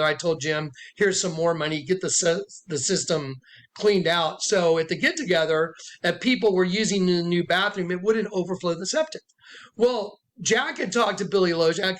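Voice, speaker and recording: High-voiced man giving emphatic testimony. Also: a bit bright. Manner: emphatic, repeats himself, acts out quotes in a raised voice. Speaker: self-styled prophet recounting a dispute. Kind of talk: rambling personal testimony to camera.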